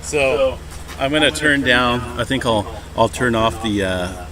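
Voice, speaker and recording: Relaxed man rambling on a live stream. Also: medium pitch, unhurried, a crowd in the background. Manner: relaxed, rambling, many "uh" fillers. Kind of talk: casual live stream chat. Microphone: camera microphone.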